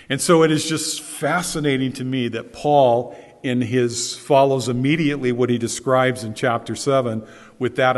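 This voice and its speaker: A man preaching a sermon as pastor, earnest and emphatic, repeating his key phrases for weight. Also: medium pitch. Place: church sanctuary. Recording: long church reverb.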